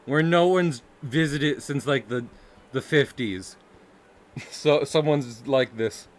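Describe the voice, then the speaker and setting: A man's voice: mid-range voice, slow pace. A man chatting casually on a live stream while drawing, rambling and giggling between his remarks. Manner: giggly, rambling, often laughing and restarting. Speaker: livestreaming artist.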